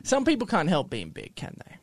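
A man's voice: high voice, wildly swooping pitch, fairly quick, dry recording, studio quality. A man co-hosting a casual chat show, talking in a chatty, hesitant way and often second-guessing himself. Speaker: podcast co-host.

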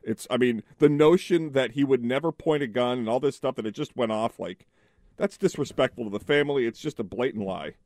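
A co-host on a live-stream talk show, talking with scorn and disbelief. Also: male voice, mid-range voice, a little fast, a little mellow, no room sound, studio quality. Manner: scornful and incredulous.

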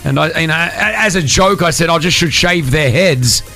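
A man hosting a morning radio show, joking with co-hosts and running a quiz in a quick, upbeat way. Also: fairly high pitch, bright, forceful tone, soft background music. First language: Arabic. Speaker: radio host.

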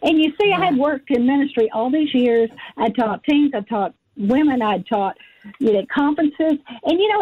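A woman in her forties tells a heartfelt personal story as a guest, her voice set a little high and often acting out her own past words. The recording sounds dull and lo-fi. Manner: earnest, emotional, quotes herself often. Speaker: guest author. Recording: dull lo-fi audio.

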